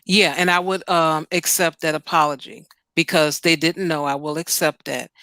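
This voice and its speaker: A woman's voice: low-pitched, steady tone, moderate pace, bright, forceful tone, dry recording. A woman hosting a livestream advice show, blunt and full of probing questions.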